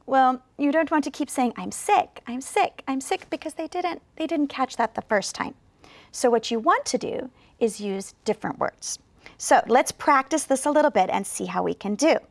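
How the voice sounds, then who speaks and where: A woman teaching English learners in a video lesson, speaking slowly and clearly with encouragement. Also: high voice, animated, no room sound. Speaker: ESL teacher.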